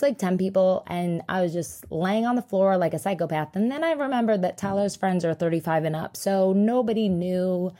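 A young woman hosting a casual solo podcast, telling stories in a chatty, animated way and swearing freely. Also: lowish voice. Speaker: podcast host.

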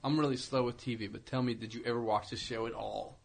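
A man's voice: medium pitch, fairly even intonation, fast, gravelly. A man guesting on a radio show, chatting casually in a drawling, mumbly way. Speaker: guest musician. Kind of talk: casual chat.

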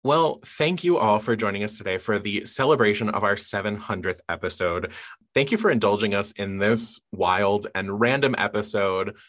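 A woman's voice: very deep voice, moderate pace. A woman hosting a casual book podcast, chatty and upbeat as she leads questions and sign-offs. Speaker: podcast host.

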